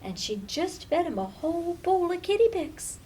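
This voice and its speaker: Woman reading a storybook aloud, expressive. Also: extremely high pitch, slight background noise, rough recording. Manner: expressive, dramatic pauses. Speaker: librarian reading to children.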